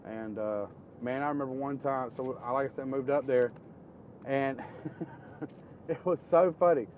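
A man from Florida telling casual stories about his old neighborhood, rambling and animated, often raising his voice to quote people. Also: mid-range voice, measured pace, dull audio, slight background noise. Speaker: storyteller. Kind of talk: casual storytelling.

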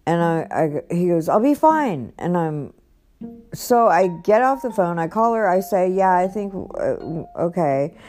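A woman's voice: lowish voice, expressive, a little slow, dark tone, soft background music. A woman talking casually about her own life on a podcast, rambling with many fillers and restarts. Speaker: podcast host. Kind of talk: casual personal storytelling.

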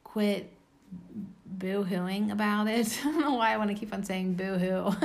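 A woman's voice: mid-range voice, unhurried, creaky. A tired woman giving a casual oracle card reading, blunt and self-mocking, with the odd swear.

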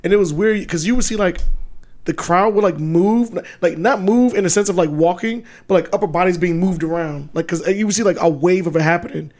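A man co-hosting a podcast, chatting casually with loose, profane, animated storytelling. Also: high voice, a little fast. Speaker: podcast co-host.

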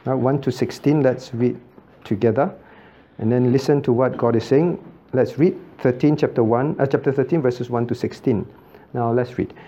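Male pastor leading a Bible class, mellow tone, dull lo-fi recording. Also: mid-range voice, moderate pace, a little hiss or hum. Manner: questions the class, repeats key points. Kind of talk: interactive Bible teaching.

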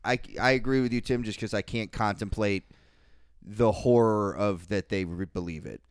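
Young male co-host, low and smooth, profane ranting bursts, dry close sound. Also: normal speed, dry recording. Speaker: podcast co-host. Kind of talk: casual podcast chat.

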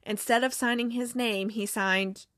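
Woman recapping a show, chatty, voices the lines, bit high pitched, dry close sound. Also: fairly even intonation, a little slow, a bit bright, no echo. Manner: chatty, acts out quotes, laughs, reads aloud. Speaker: podcast host recapping a TV episode. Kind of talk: casual recap, retelling scenes.

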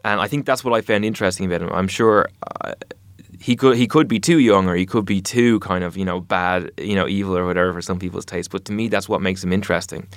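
Low-voiced actor, thoughtful and rambling. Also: male voice, fairly even intonation, quick pace, dry recording. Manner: thoughtful, rambling with many "you know" and "like". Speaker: actor being interviewed. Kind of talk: casual interview chat.

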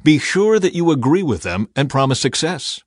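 A man's voice: on the high side, sing-song, normal speed, dry recording, studio quality, voice pushed up. A man voicing an ancient royal messenger, speaking in an urgent, coaxing way in a scripture reading.

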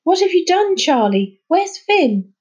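A woman's voice: a little high, moderate pace, dark tone, lo-fi sound, voice pushed up, close to an everyday voice. A woman voicing a practical, bossy girl who speaks curtly and takes charge. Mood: urgent. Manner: curt, commanding.

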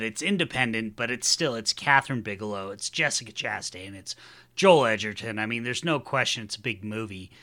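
Podcast host guy, bright edgy voice, casual and swears a lot. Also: mid-range voice. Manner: chatty, swears freely, enthusiastic asides.

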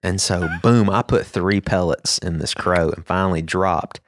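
A man, co-hosting a podcast in casual chat, telling animated stories and laughing often. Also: sits low, measured pace, dry recording. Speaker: podcast co-host.

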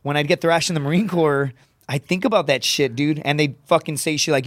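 A man, a comedian and former Marine, telling a rough story on a podcast in blunt, profane language. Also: on the high side, no echo, clean studio sound. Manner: profane, rapid, animated storytelling.

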